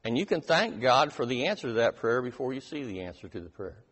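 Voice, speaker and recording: A man preaching a sermon, reading scripture with strong emphasis and slowing down on key lines. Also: medium pitch, very animated, a bit bright, breathy edge. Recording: reverberant hall.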